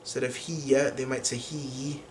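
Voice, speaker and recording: A man teaching a lesson on pronunciation, explaining patiently with frequent pauses and fillers. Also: mid-range voice, level tone, a little hiss or hum. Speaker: language teacher.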